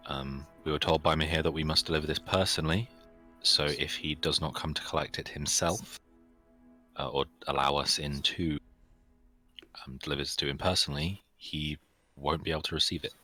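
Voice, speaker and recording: Give me a man with a very deep, bright voice, formal and hesitant, soft music behind. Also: fairly even intonation, fairly quick. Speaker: player. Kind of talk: in-character roleplay.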